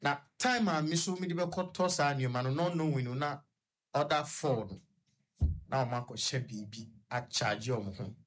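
A man with a Ghanaian accent talks as a guest in a radio studio. His voice is husky and breathy. He tells his own story haltingly, stopping and restarting often and hunting for words. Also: mid-range voice. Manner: halting, rambling, many fillers and restarts. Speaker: guest recounting his experience. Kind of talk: personal story on a radio talk show, code-switching.

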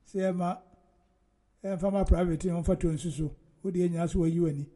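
A man's voice: high voice, fairly even intonation, brisk, mellow. A man hosting casual political commentary, rambling and emphatic, with frequent laughter.

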